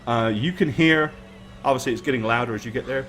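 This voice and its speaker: A man's voice: mid-range voice, fast, fairly bright tone. A man narrating a tabletop game as game master in a casual, hesitant way, with many fillers.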